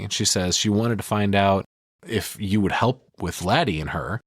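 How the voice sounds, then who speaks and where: Low-pitched man in a dry booth, swearing and joking through a casual film recap. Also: slightly rough, dry recording. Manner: profane, animated storyteller with quick jokes. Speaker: podcast co-host recapping a film. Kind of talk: casual chat.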